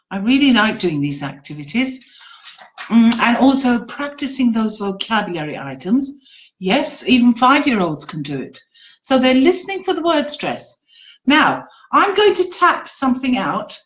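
A woman teacher trainer presenting an online webinar in an animated, encouraging classroom-teacher manner. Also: high voice, rough recording.

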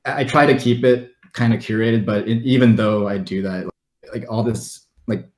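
A man's voice: lowish voice, fairly even intonation, moderate pace, a little mellow. A man hosting a casual podcast chat, talking hesitantly with many restarts. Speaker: podcast host asking questions.

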